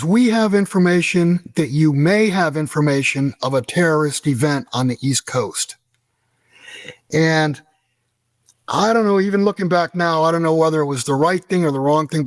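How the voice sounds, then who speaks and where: A middle-aged American man telling a story as an interview guest, animated and profane, acting out the dialogue. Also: a little high, dry recording. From United States.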